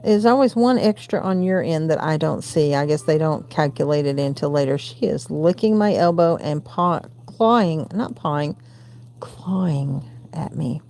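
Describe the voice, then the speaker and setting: A woman's voice: deep voice, expressive, moderate pace, vocal fry, darkish tone. A woman in her forties with a Southern US accent, chatting casually as host of a late-night craft livestream, rambling and cooing to her cats. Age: 40s. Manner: rambling, coos baby talk to her cats. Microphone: phone.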